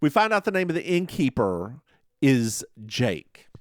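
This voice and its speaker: A man's voice: medium pitch, big pitch swings, a little slow, dry recording. A man co-hosting a podcast, recapping a TV episode in a playful, rambling chat into a close mic. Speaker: podcast host.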